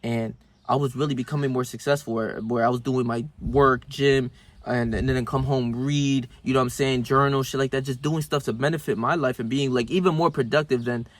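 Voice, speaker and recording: Young guy vlogging, swears a lot, heavy slang, mid-pitched voice, gets loud acting out scenes. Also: fairly quick. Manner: slangy, profane, animated when reenacting scenes. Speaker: self-improvement vlogger. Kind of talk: casual storytelling monologue.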